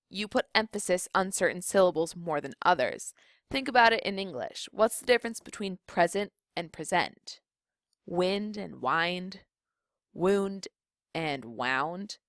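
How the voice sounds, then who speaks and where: A young woman teaching a recorded video lesson, explaining rules clearly and slowing down on key points. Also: mid-range voice, fairly bright tone, no room sound, studio quality. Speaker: Spanish teacher.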